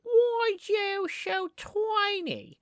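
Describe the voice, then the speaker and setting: A man putting on a high falsetto voice to read out a chirpy viewer's chat messages on his live stream. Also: extremely slow, dry recording, exaggerated voice. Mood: curious.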